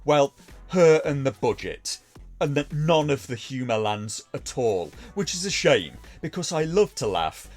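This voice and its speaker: A man's voice: mid-range voice, sing-song, a little slow, faint music behind. A man reviewing a TV episode in a dry, sarcastic, mocking way.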